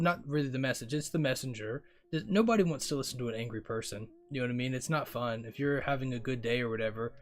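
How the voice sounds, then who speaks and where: Young male streamer, loose rambling delivery, mid-range voice, faint music bed. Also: medium pitch. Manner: rambling, talks straight to chat, says bro often. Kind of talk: casual chat reading viewer comments.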